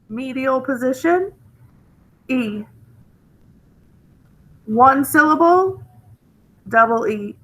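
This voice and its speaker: A woman's voice: sits high, bright, forceful tone, rough recording. A woman, teaching a recorded phonics lesson in a chatty, encouraging way and often checking in with "okay?".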